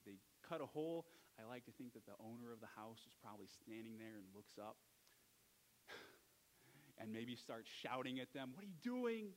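A man's voice: medium pitch, a little hiss or hum, rough recording. Conversational male pastor preaching. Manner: conversational, with restarts and self-corrections. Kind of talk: sermon.

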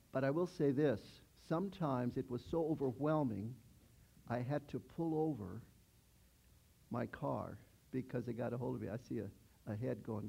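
A man's voice: medium pitch, vocal fry, a little mellow, lo-fi sound. A man in his sixties preaching a conversational sermon, chatty, asking the congregation questions. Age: 60s.

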